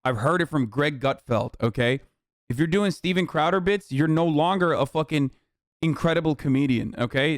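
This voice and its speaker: A male streamer rants at his audience in a high voice, swearing freely and punctuating points with "okay?". His tirades climb into yelling. The sound is dry and close, with no room around it. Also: no echo. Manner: profane, repetitive "okay?" tags. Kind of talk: ranting reaction stream.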